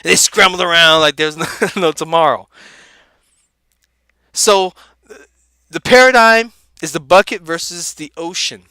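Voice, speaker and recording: A man putting on a laid-back, high-voiced, street-talking comedic character, delivering an animated, preachy motivational rant that rattles off repeated words. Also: measured pace, pauses often, clean tone, dry recording.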